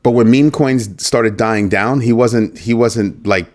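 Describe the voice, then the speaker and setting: A man's voice: medium pitch, takes it slowly, a little mellow. A man hosting a crypto news livestream in a casual commentary style. He banters jokingly with viewers in the chat and keeps repeating the catchphrase "just saying.".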